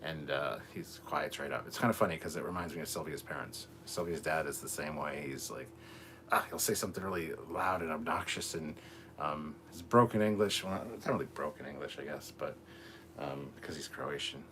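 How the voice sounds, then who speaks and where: A man with a low, deep voice chats casually on a home livestream, reading out comments with loose asides and fillers. A faint background hiss sits under the voice, picked up by a camera mic a little way off. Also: fairly quick, fairly bright tone. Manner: rambling, easygoing, lots of fillers and asides. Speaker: livestream host reading chat. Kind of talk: casual live-stream chat. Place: home room with TV. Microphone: camera mic at a distance.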